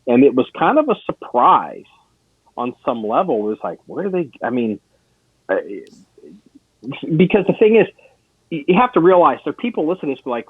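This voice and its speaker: A man's voice: fairly high pitch, big pitch swings, a little fast, slightly rough, dry recording. Rambling man on a tinny phone line. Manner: rambling storyteller with many restarts and swearing. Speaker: podcast co-host. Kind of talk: casual chat.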